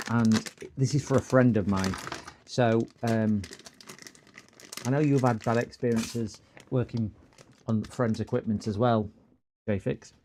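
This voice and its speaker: A man's voice: mid-range voice, dark tone. A man hosting a repair livestream, chatting casually and rambling with lots of fillers. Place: home workshop.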